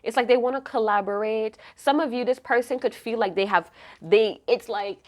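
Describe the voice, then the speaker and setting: A woman's voice: fairly high pitch, normal speed, darkish tone. A woman giving an intuitive tarot reading to camera, emotive and rambling, often breaking off mid-thought to restart. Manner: rambling, emotive, self-interrupting. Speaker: tarot reader.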